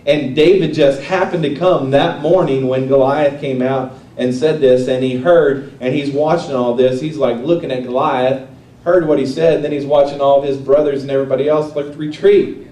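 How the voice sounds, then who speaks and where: A man preaches a sermon conversationally, posing questions to his listeners and retelling a story. His mid-range voice has a dark tone and fairly even intonation at a normal speed. The recording sounds echoey, with his voice coming from a distance.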